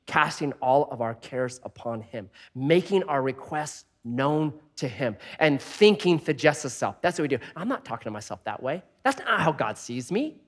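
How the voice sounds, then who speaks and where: A male pastor preaching with a high, very animated voice that leaps around. He tells stories with jokes, then turns soft and quiet for his prayerful points. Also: a little slow, hardly any pauses. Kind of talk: sermon.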